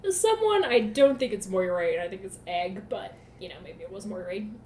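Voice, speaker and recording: A woman co-hosting a book podcast, recapping chapters in casual chat, sarcastic and profane, slipping into quick voices for the characters. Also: mid-range voice, animated, darkish tone, reverberant, a little hiss or hum.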